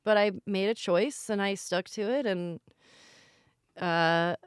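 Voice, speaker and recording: A woman's voice: mid-range voice, slow, clear, resonant tone, no room sound, clean studio sound. A woman, co-hosting a podcast and telling a rambling, candid story with self-deprecating asides. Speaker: podcast co-host. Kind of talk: casual storytelling chat.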